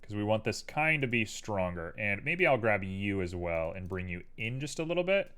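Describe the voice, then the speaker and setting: A man's voice: on the low side, sing-song, moderate pace, a bit bright. A man casually chatting on a live stream while he works, playful and talking to himself and his chat. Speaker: livestreamer and 3D artist.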